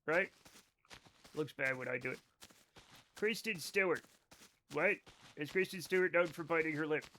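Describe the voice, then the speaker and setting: A man chatting live with his viewers while he plays. His voice sits high, and he rambles from one joke to the next, often mocking himself. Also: normal speed, bright, forceful tone, a little hiss or hum. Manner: rambling, joking, playfully self-mocking. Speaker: live streamer. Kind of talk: casual gameplay chat with viewers.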